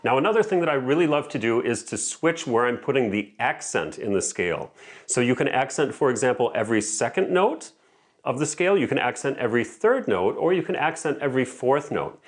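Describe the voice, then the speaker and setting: A man teaching piano, explaining practice methods in a clear, methodical way and calling out rhythm examples. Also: medium pitch, very animated, fairly quick. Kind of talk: instructional lesson. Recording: faint piano music in background. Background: piano playing between explanations.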